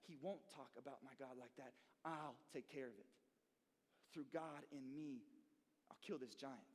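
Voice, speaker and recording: A man hushing into a calm fearless shepherd boy. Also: unhurried, husky, long reverb tail. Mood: resolute. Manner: low, hushed, resolute.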